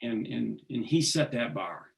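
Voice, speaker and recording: A man being interviewed, talking earnestly and haltingly, often restarting his sentences. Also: mid-range voice, animated, creaky. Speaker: singer, interview guest. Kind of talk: casual interview conversation.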